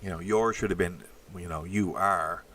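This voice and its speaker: Bright-voiced rambling man. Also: low voice, a little hiss or hum. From Canada. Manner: rambling, halting, answers chat comments aloud. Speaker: livestream host reading chat. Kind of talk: casual livestream chat.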